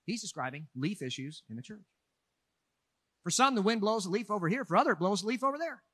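A man preaching a sermon as pastor, in an animated, conversational way with humorous asides. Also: high voice, fast, husky, no echo.

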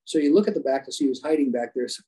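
Male podcast guest, husky and mellow, animated storyteller. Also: medium pitch, very fast, rough recording. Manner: animated, acts out quoted dialogue. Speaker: guest, leadership coach and former special operations rescuer. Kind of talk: storytelling interview answers. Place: podcast conversation.

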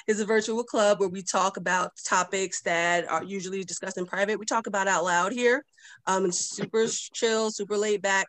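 A woman's voice: mid-range voice, a bit bright, no echo. Woman, host, video call, casual and laid-back, laughs easily, dry sound. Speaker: host of a virtual discussion club.

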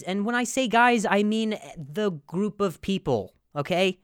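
A man's voice: high-pitched, animated, measured pace, hardly any pauses, clear, resonant tone, dry recording, clean studio sound. A young man hosting a comedy podcast, rambling and profane, with sarcastic rants full of restarts. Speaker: podcast host.

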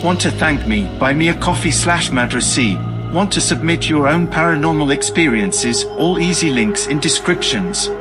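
A male host reads a scripted opening and sign-off for a spooky story show. His voice sits a little high and swings animatedly up and down. Loud music plays behind him. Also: expressive, moderate pace. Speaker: show presenter. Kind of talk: scripted show intro and outro. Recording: voice over loud background music.

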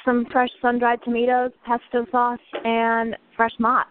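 An interview guest on a call, chatting in a relaxed way with some hesitations, heard over a tinny phone line. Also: medium pitch, a little slow, a little hiss or hum. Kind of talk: casual phone chat.

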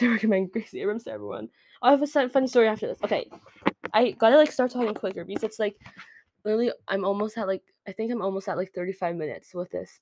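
A woman's voice: medium pitch, a little mellow, no echo. Gushing teenage girl podcaster, rambling. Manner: rambling, gushing, many "like" fillers. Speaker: podcast host. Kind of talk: casual solo podcast chat.

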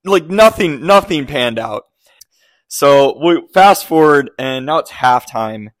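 A man co-hosting a casual sports podcast, his voice partly gone and hoarse, telling a story haltingly with many fillers. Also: fairly high pitch, animated, no echo. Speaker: podcast co-host.

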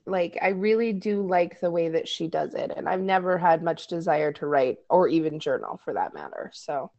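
A woman co-hosting a podcast in casual chat, easygoing and quick to laugh, thinking aloud as she talks. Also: lowish voice, darkish tone, highs cut off. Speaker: podcast co-host.

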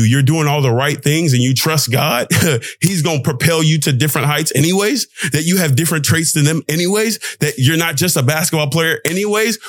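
A man's voice: a little high, no echo, clean studio sound. A young man hosting a podcast, rambling in a casual motivational monologue and swearing for emphasis. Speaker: podcast host.

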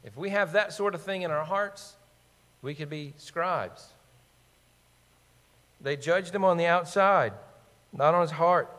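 A man's voice: fairly high pitch, fairly bright tone, long reverb tail. A man preaching a sermon as pastor, emphatic, asking his listeners rhetorical questions and quoting scripture.

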